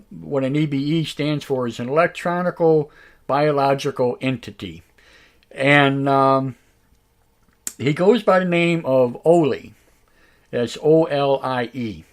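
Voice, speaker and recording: Raspy guy hosting his live show, slow and halting, lots of uhs, mid pitch. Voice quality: raspy tonight. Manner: halting, full of "uh" fillers and restarts; slow, drawn-out talk. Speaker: radio show host. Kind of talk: casual live-stream talk.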